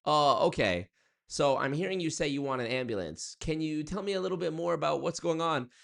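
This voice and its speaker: A man's voice: a little high, a little fast, gravelly, fairly bright tone, pitched above the performer's own voice. A man putting on an overly agreeable AI emergency operator with customer-service politeness. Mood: cheerful calm.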